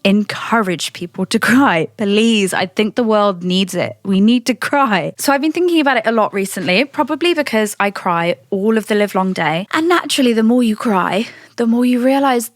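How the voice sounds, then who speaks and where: A woman, talking in a candid, animated casual monologue and swearing freely. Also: mid-range voice, normal speed, few pauses, no room sound. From Britain.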